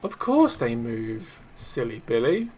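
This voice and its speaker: A young man hosting a live developer stream, reacting excitedly to community builds while he plays and talks to chat. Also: medium pitch, takes it slowly.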